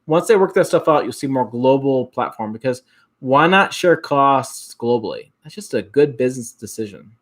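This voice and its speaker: This is a man with an Upper Midwest accent hosting a relaxed livestream and reading viewer comments aloud. His pitch moves around a lot. He rambles, repeats himself and often stops to restart his words. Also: normal speed. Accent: Upper Midwest American. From Michigan. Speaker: host.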